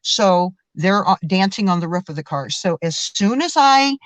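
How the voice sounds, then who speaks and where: A woman guest telling a story in a casual interview, animated and excitable, often restarting and stammering. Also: mid-range voice, normal speed, no room sound, poor audio.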